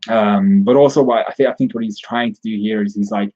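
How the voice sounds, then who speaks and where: A man's voice: lowish voice, steady tone, brisk, warm tone, dull audio. A man giving a casual spoken recap and review of a comic chapter, rambling with frequent restarts and self-corrections.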